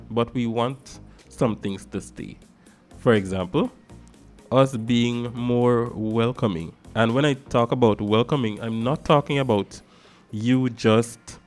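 Guyanese guy hosting a talk show, kinda low voice, punches words loud then drops soft, faint music under him. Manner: animated, emphatic, swings between loud stresses and soft asides. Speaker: radio show host. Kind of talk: casual talk-show monologue.

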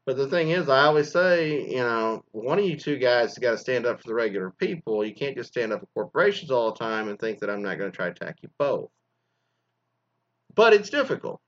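On lo-fi audio, a man hosting a podcast talks fairly quickly in a mid-range voice. His commentary is casual, animated and rambling, wandering off on one tangent after another.

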